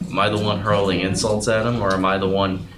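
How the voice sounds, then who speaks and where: Guy at bible study reading scripture then musing on it, kinda low voice, roomy noisy recording. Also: little pitch movement. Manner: earnest and reflective, with some halting restarts. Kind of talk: reading scripture aloud, then casual reflection. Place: room at a group Bible study. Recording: echoey room with loud background noise.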